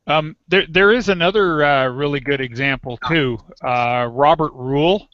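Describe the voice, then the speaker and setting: A man's voice: a little high, normal speed, no room sound. A man on a casual group video call, telling a story earnestly and step by step. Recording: dry, muffled video call audio.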